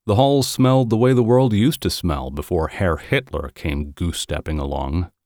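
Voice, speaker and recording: Deep slow male audiobook narrator. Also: dry recording, studio quality. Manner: measured, even storytelling.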